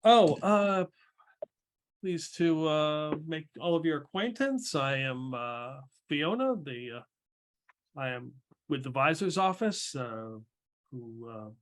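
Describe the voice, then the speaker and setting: A man's voice: on the high side, lively intonation, slow. A man voicing a distracted, greedy middle-aged woman official who rambles between bites.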